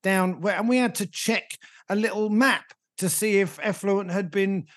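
A man's voice: high-pitched, moderate pace. Chuckling British man telling anecdotes. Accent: British English. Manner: rambling comic anecdotes with chuckles. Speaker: podcast co-host. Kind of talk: casual chat.

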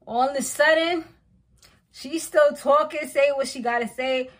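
Woman, slightly high voice, chatty slangy recap host, laughs a lot. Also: normal speed. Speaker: reality show recapper. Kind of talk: casual recap commentary.

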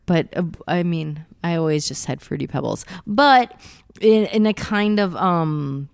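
Playful woman podcast co-host, low and dry. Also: animated, measured pace, gravelly, clear, resonant tone, no echo. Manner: playful, chatty, laughs easily. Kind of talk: casual chat.

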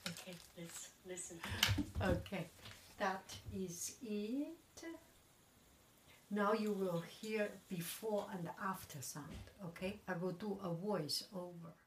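A woman vlogger chatting casually as she tests a microphone plugged into her laptop, often dropping to a soft whisper. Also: medium pitch, takes it slowly, background noise. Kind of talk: casual demonstration. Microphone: small microphone plugged into a laptop.

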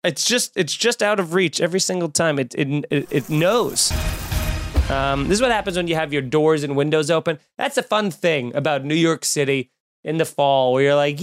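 A man hosting a podcast, going on an animated, exasperated comedic rant full of cursing. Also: on the high side, normal speed, soft background music. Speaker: podcast host. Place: room at home with windows open.

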